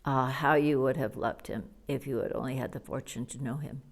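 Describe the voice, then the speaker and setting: A woman's voice: a bass voice, fairly even intonation, fairly quick. A woman reading the sorrowful, grim lines of a grieving old male divine craftsman, as an audiobook character voice.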